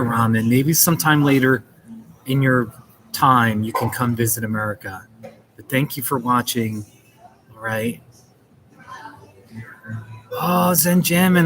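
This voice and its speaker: A man's voice: medium pitch, background noise. A man chatting casually on a live stream from a coffee shop, greeting viewers by name in a playful, chuckling way.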